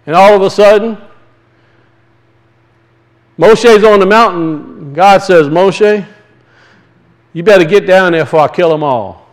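A man preaching a sermon, talking conversationally and with passion, drawing words out for emphasis and reading scripture slowly. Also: sits high, poor audio. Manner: reads scripture aloud slowly and deliberately.

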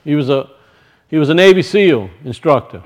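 A man's voice: a little high, lively intonation. A male preacher reading scripture and explaining it, often restarting his sentences. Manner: reads scripture slowly, then explains it with frequent restarts.

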